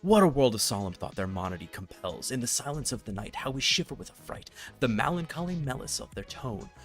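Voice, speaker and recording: A man hosting a live-streamed tech tutorial, reading verse with big swells and soft drops, then chatting casually while he works. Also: mid-range voice, big pitch swings, brisk, soft background music. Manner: reads verse expressively, swelling loud then sinking soft; casual, thinks aloud with fillers while working. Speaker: livestream host teaching tech setup.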